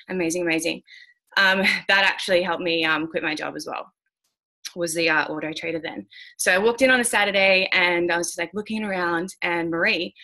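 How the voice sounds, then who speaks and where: A woman talking candidly as a guest speaker, with a fairly low, bright, forceful voice. She is blunt, swears now and then, and fills her talk with likes and ums. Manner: frank and blunt, swears, many fillers. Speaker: guest speaker mentoring traders. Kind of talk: candid motivational talk on a call.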